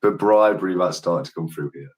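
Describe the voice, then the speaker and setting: A man's voice: sits low, brisk, crowd noise. A laid-back English man co-hosting a livestream, chatting casually and laughing a lot. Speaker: livestream co-host.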